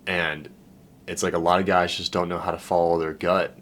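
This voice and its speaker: A man's voice: sits low, level tone, normal speed, a bit bright, slight background noise. A man who works as a dating coach talking in a loose, candid and profane way, heartfelt and emotional about his past, with "dude" and "man" in every other line. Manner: emotional and heartfelt when recalling loneliness. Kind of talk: casual, profane monologue.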